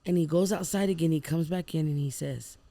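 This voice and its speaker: A woman's voice: deep voice, a little fast, dark tone, no room sound. A woman guest on a podcast, telling her life story in casual chat and animatedly acting out the people and prayers she quotes. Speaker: podcast guest, food truck owner.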